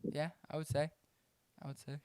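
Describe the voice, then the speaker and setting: Male podcast co-host, fairly high smooth voice, dry close sound, loose and chatty. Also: normal speed, no echo. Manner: animated, laughs often while reading names. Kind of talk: casual chat.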